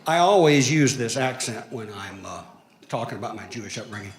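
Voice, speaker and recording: A man from Alabama with a Southern accent performing a deadpan, self-mocking stand-up comedy set on stage. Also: mid-range voice, brisk, reverberant. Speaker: lawyer doing stand-up. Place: comedy stage before a live audience.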